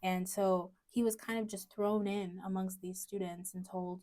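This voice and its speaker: A woman's voice: medium pitch, flat delivery, moderate pace, warm tone. A woman co-hosting a student podcast, talking through ideas in a casual academic discussion, hesitant and full of fillers.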